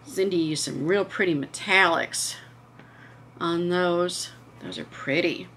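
A woman's voice: lowish voice, slow, fairly bright tone, slight background noise. A woman hosting a casual home vlog, chatting enthusiastically and gushing over what she shows. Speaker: vlog host.

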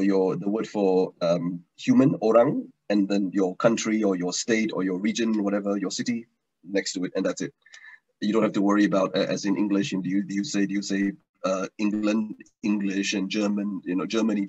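Teaching on a call, a man with a low, husky voice leads an informal online taster class in a language. He chats away, repeating words and frequently starting over, and the stream audio is dull and lo-fi.

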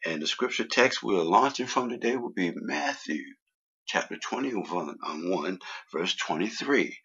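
A man preaching a sermon and praying, rising loud on key phrases, with many fillers. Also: lowish voice, lively intonation, a little slow, gravelly, husky, muffled recording. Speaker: guest preacher. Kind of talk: sermon and prayer.

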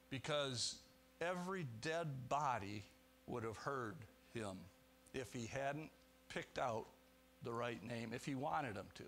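There's slight background noise as a man delivers a sermon as pastor. He's earnest, dropping into low, quiet reflection and then rising to emphatic points, and he uses rhetorical questions and frequent restarts.

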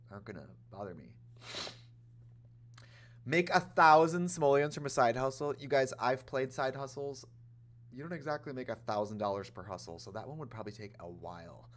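A man hosting a casual gaming livestream, chatty and animated, talking straight to his chat in a campy, playful way. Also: medium pitch, a little hiss or hum. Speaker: livestream host playing a life-sim game.

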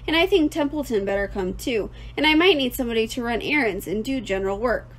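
A woman voicing a calm, kind, clever female spider in a storybook, soft-spoken. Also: fairly high pitch, fast talker. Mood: determined.

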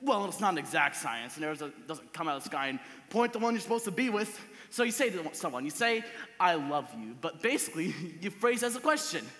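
A young man plays a rueful, confiding musical fan who talks straight to the crowd. His voice is high, lively and bright. It rings out through a big, reverberant school theatre. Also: fast talker. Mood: wistful. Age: teens. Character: wistful male musical-theatre fan narrating. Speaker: stage actor. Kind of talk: stage musical acting.

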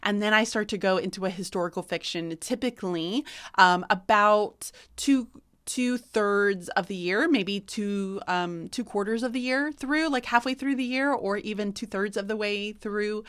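A woman's voice: mid-range voice, moderate pace, fairly bright tone. A middle-aged woman teacher talking casually about favorite class books, chatty and enthusiastic, with frequent fillers and restarts. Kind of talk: casual book-recommendation vlog.

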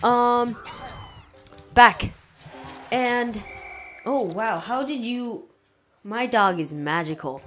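A woman commentates a video game in a put-on, imitation Cockney accent. Her delivery is slow and unhurried, and she jokes and swears mildly as she plays. Game music plays clearly behind her. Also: mid-range voice. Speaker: let's play host. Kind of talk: blind gameplay commentary.

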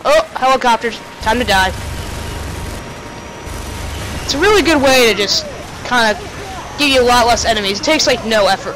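A woman's voice: on the high side, expressive, fairly quick, fairly bright tone, a faint crowd, a little hiss or hum, low-quality recording. A woman giving casual, sarcastic commentary while playing a video game, joking and talking back to the characters on screen. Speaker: let's play commentator.

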